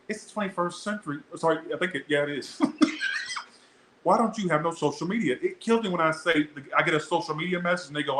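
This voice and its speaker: A young man gives a casual tarot reading in a bright, forceful voice, talking straight to his viewers. He is chatty, blunt and swears a lot. The sound is echoey, with a faint hiss of room noise. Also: on the high side, lively intonation, fast talker. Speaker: tarot reader.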